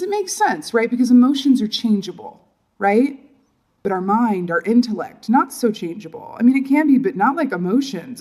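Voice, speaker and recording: A woman's voice: mid-range voice, darkish tone. A woman giving a casual tarot reading, chatty and laughing often, checking in with her listeners with "right?" and "you know". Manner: laughs often while talking. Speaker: tarot reader.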